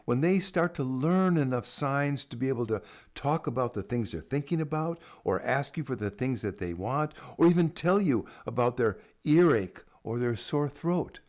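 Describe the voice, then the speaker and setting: A man's voice: mid-range voice, darkish tone. A man, an educator on baby sign language, explaining to camera in an earnest, enthusiastic way.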